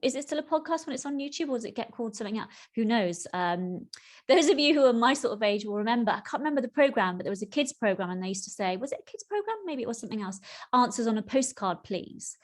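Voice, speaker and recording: A middle-aged woman hosting her own podcast as a spiritual coach, talking in an earnest, heartfelt way and lingering slowly over the words that matter to her. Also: on the high side, animated. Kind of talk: solo podcast chat.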